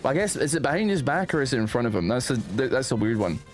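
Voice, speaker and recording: A man, streaming and chatting casually, rambling and animated, often calling his viewers "man". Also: medium pitch, fast, soft background music. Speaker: streamer reacting to posts.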